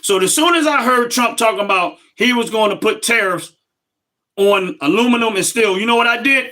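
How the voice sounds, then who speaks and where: A man's voice: high-pitched, bright, forceful tone. A middle-aged man, hosting a casual livestream and talking emphatically straight to his viewers. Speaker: livestream host.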